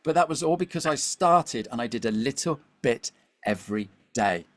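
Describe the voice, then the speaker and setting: Middle-aged man, podcast guest, animated storytelling, mid-pitched voice, keeps checking in. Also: normal speed. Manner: animated, keeps checking in with "okay?" and "all right?". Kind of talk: storytelling conversation.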